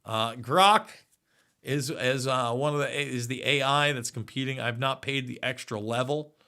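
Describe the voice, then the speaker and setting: Host, forties, male, bright forceful tone, loose chatty delivery, reads chat aloud. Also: mid-range voice, measured pace. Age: 40s. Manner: rambling, reads viewer comments aloud. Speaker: livestream host. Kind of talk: casual live chat.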